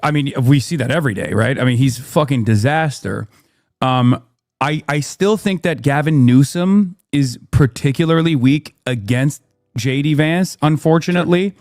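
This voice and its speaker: A man's voice: fairly high pitch, normal speed, a little mellow, no room sound. Earnest male political commentator, dry sound.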